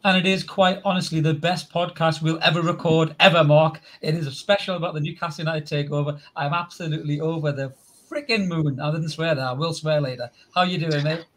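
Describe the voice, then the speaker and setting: A man's voice: on the high side, fairly even intonation, fairly quick, a bit bright. A middle-aged man hosting a football podcast over a video call, boisterous and jokey, calling everyone mate. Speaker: podcast host. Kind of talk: excited football podcast chat.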